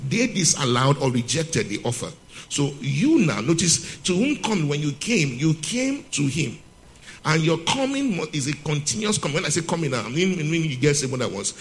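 A man preaching a sermon to a congregation, reading scripture slowly and asking rhetorical questions he answers himself. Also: on the high side. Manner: repeats key points for emphasis; reads scripture slowly and emphatically.

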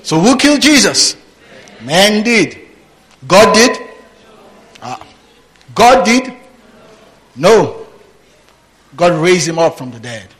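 A man preaching a sermon, reading verses aloud and stopping to ask his listeners what comes next. His voice sits somewhat high for a man, and he takes his time over every phrase. He laughs often and asks rhetorical questions. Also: sing-song, takes it slowly, long pauses, a bit bright, low-quality recording. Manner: reads scripture aloud and prompts the congregation with "what?". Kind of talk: sermon, Bible teaching.

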